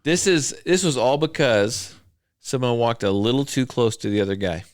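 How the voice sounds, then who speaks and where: Wry man with a smooth voice. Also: medium pitch, lively intonation, normal speed, no room sound, clean studio sound. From southern Idaho. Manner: rambling, wry, lists things off. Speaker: podcast host. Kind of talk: casual podcast chat. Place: home studio.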